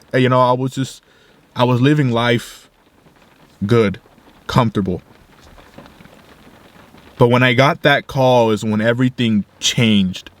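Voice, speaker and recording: Young male vlogger, mid-pitched, soft and faltering, personal story to camera. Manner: quiet, halting retelling with restarts. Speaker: video creator.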